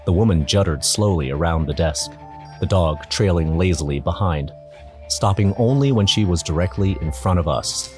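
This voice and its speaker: A man's voice: low voice, expressive, moderate pace. A man narrating an audio drama in first person, nervous and wry. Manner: nervous, wry inner monologue. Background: music.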